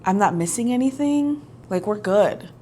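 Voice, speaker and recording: A young woman chats about her reading in a relaxed, playful way, her voice at a middle pitch. She breaks into lively, excited bursts. A faint hiss sits under the recording. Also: normal speed. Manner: chatty, playful, animated bursts of enthusiasm. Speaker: book vlogger. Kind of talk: casual chat.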